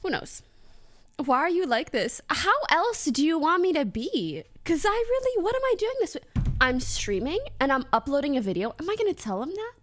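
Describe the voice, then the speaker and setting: Young woman streamer, high and lively voice, giggly casual storytelling to her chat. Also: moderate pace. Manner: giggly, animated storytelling with lots of laughter.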